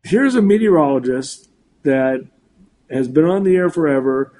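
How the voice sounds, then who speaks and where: A man's voice: a little high, moderate pace. A man in his sixties, a meteorologist, talking casually with many restarts and repeats. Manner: animated, full of restarts and repeats. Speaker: meteorologist guest. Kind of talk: casual talk show chat.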